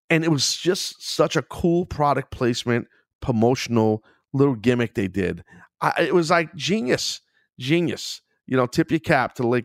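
Middle-aged male podcast host, rambling and profane, mid-pitched, close dry studio mic. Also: dry recording. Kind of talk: casual solo podcast chat.

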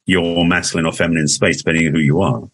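A man's voice: deep voice, steady tone, fast, no room sound. An Englishman in his sixties, a guest telling his story in a rambling, casual way with frequent restarts. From England. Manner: rambling, restarts often, laughs easily. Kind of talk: casual interview conversation.

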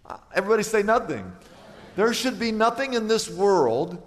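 Male pastor, sermon delivery, dynamic with sudden high loud peaks, reverberant sanctuary sound. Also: sing-song, moderate pace. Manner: acts out little dialogues for illustration.

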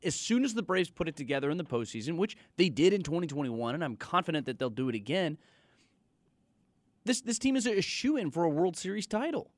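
A man on sports radio makes his case emphatically and insistently. His voice sits fairly high and swings widely in pitch, heard close and dry at the mic. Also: sing-song, brisk, no echo. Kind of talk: call-in radio talk.

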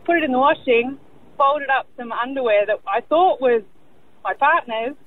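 A woman's voice: high voice, normal speed, narrow, tinny audio, a little hiss or hum. A woman calling in to a radio show, telling a story in a sheepish, giggly way. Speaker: caller. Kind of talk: phone call to a radio show.

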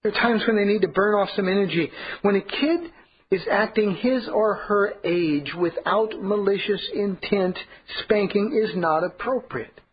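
A man's voice: sits high, dull audio, a little hiss or hum. A man preaching a sermon as pastor, earnest and emphatic, repeating key points.

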